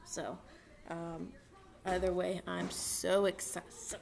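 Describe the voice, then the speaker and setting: Chatty young woman with a gravelly voice. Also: on the low side, slow pace, very noisy. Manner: chatty, excitable, rambling with many fillers. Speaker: vlogger and racing fan. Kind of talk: casual chat to camera. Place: at home with a dog.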